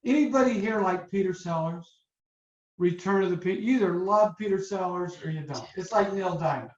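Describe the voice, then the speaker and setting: A man hosting a motivational webinar as a coach, telling stories in a lively, upbeat way over a video call. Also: sits high, brisk. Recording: roomy, dull lo-fi webinar audio.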